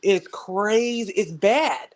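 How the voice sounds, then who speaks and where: A man's voice: high voice, slow. A man hosting a casual online panel discussion, rambling and repeating himself, with the odd curse. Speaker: panel host. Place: online video call.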